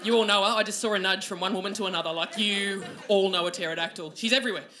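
A woman's voice: mid-range voice, very fast. An Australian woman in her forties doing a brash, sweary stand-up comedy set on a comedy venue stage. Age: 40s. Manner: brash, sweary, loud bursts. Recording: noisy live club with crowd. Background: audience laughter.

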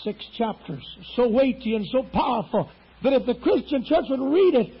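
A man's voice: extremely high pitch, expressive, moderate pace, breathy edge. A man preaching a fervent, emphatic sermon as a pastor. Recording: dull lo-fi sound.

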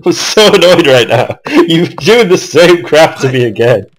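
A man's voice: fairly high pitch, animated, normal speed, low-quality recording. A young man giving casual commentary on his own strategy game match, swearing often and venting at his opponent.

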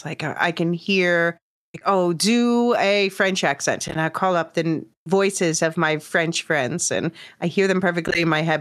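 A woman's voice: lowish voice, a bit bright. Chatty woman podcast host. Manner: chatty, explains terms, laughs easily. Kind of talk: casual podcast chat.

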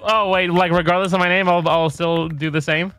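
A man chatting casually while playing a game, easygoing and quick to laugh. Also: high voice, little pitch movement, fairly bright tone, clear, resonant tone, dry recording. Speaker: co-player. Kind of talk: casual gaming chat.

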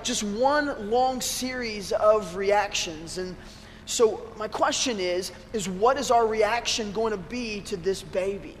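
A man with a high voice preaches from the front of a church, and his words ring out with a long hall reverb. He keeps it conversational, spinning stories with self-deprecating humor. A faint hum of room noise sits underneath. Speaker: pastor. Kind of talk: sermon. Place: church sanctuary.

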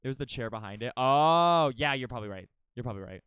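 A young man streaming a game live, narrating dramatically and swinging between loud panic and low, repetitive mutters. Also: animated, quick pace, noisy background.

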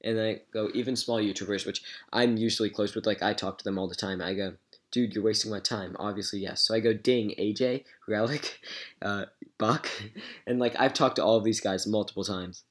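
A man's voice: on the low side, steady tone, a little fast. A man recapping a chat with a scammer for his gaming channel, chatty and amused, with lots of "um"s. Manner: chatty, retells messages with "so I go", many "um"s. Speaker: gaming YouTuber. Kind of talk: casual recap vlog.

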